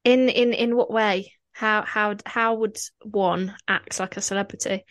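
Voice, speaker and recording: A woman's voice: medium pitch, steady tone, no room sound. A young woman co-hosting a podcast, chatting casually in an easygoing, teasing way. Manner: easygoing, teasing, quick to laugh. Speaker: podcast co-host. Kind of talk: casual chat.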